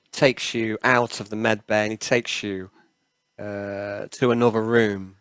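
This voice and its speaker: A man narrating as game master of a tabletop game, halting and full of fillers. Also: lowish voice, fairly even intonation, fairly bright tone, smooth, no echo. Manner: halting, many fillers, laughs at himself.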